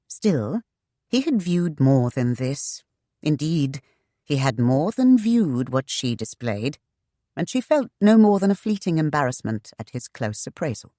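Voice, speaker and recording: An audiobook narrator reading a historical romance in an even, measured style. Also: medium pitch, no echo, studio quality. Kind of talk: scripted narration.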